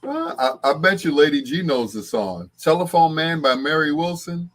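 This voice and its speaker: A man's voice: a little high, sing-song, moderate pace, fairly bright tone. An older man hosting a late-night show, chatting casually and rambling with frequent chuckles. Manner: chuckling, rambling, bursts into sung snippets. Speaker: host.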